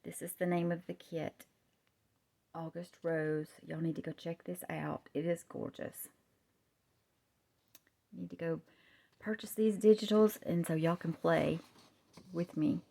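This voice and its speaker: A woman gushing over craft supplies in a home vlog, often dropping to a soft whisper, close to the camera. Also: lowish voice, steady tone, a little slow, creaky, pauses often. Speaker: craft vlogger. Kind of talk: show-and-tell craft vlog. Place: home, husband in another room. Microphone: camera held close up.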